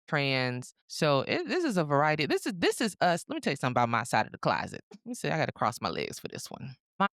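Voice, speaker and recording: A woman from Africa co-hosting a podcast, telling personal stories in a candid, animated way. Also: extremely low pitch, smooth, no echo, studio quality. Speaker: podcast co-host. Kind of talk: casual podcast chat.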